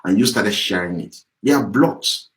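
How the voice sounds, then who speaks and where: A man's voice: lowish voice, animated, moderate pace, fairly bright tone, poor audio. A man giving an impassioned political address as an activist, heated, profane and repetitive. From Yorubaland, southwest Nigeria.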